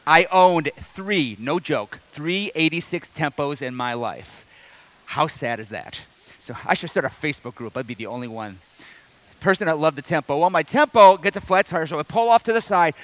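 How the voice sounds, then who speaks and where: High-voiced pastor telling a story. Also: male voice, a bit bright, no echo. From Detroit area. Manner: storytelling, self-deprecating humor, builds to preaching. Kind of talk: sermon with personal story.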